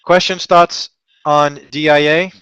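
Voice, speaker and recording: A man's voice: a little high, fairly even intonation, takes it slowly, fairly bright tone, clean tone, dry recording, muffled recording. A man from Texas hosting a live trading lesson, thinking aloud in a chatty, joking and self-deprecating way with rambling asides. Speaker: trading webinar host.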